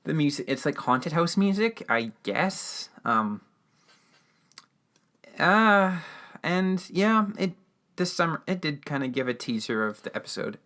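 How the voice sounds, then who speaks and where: A man's voice: fairly high pitch, big pitch swings, a little slow, sharp tone. A man hosting a podcast, giving a casual, rambling recap of a radio drama episode with lots of fillers and restarts. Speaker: podcast host.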